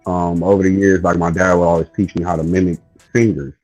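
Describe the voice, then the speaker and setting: Husky laid-back man hosting a podcast. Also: low-pitched, little pitch movement, fast, darkish tone, faint music behind, poor audio. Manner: laid-back, rambling, with lots of "you know". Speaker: podcast host. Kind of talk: casual chat.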